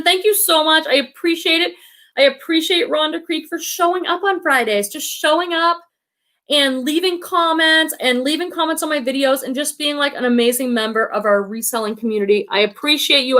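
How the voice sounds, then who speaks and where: A woman's voice: high-pitched, brisk, bright, forceful tone. A middle-aged woman hosting a live stream, chatting casually, laughing often and talking through lots of fillers. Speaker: livestream host of a reselling channel. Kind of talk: casual live-stream chat reading comments.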